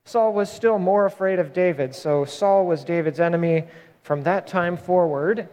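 High-voiced pastor in a reverberant church. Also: male voice, moderate pace. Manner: relaxed, joking asides between reading. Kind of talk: scripture reading and sermon. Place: church sanctuary. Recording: long reverb of a large church.

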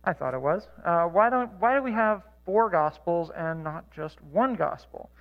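A man's voice: high voice, lively intonation, moderate pace, creaky, phone-quality sound. A man leading a church Bible study, talking casually with many fillers and self-corrections. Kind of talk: casual teaching talk with anecdotes.

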